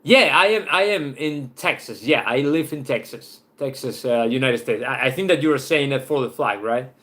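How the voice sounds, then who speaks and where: A man's voice: medium pitch, animated, moderate pace, a bit bright. A man from Spain with a Spanish accent, speaking English as a second language, hosts a football channel in casual live-stream chat, loose and chatty, often tagging "right?" onto his points.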